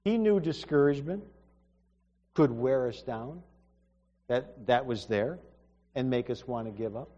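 A man's voice: medium pitch, measured pace, pauses often, mellow. Earnest man preaching in an echoey hall. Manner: earnest and emphatic, with repeated restarts. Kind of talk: sermon. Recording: dull reverberant hall recording.

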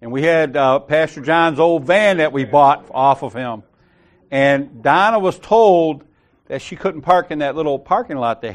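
High-voiced man telling a story. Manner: animated, laughing storyteller doing voices. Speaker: church group member. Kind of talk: casual storytelling.

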